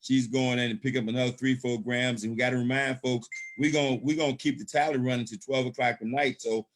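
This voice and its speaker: A man on a video call giving a motivational pitch with emphatic, preacher-like repetition. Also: fairly even intonation, fairly quick. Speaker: gold savings promoter.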